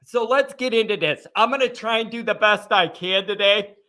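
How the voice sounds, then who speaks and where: High-voiced fired-up male sports host. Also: normal speed, bright, forceful tone. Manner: fired-up, ranting. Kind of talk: live sports reaction show.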